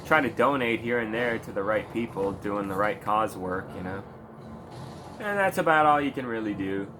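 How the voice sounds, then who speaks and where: A man's voice: lowish voice, animated, normal speed, noisy background. A man ranting in a casual commentary video, heated and sarcastic, swearing often. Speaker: video creator.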